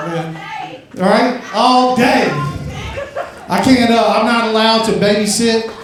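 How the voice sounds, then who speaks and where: High-voiced man doing stand-up, echoey club. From Louisiana. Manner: rambling, builds into shouted rants. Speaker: stand-up comedian. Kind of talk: stand-up comedy set. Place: comedy club stage. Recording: echoey club from far off mic.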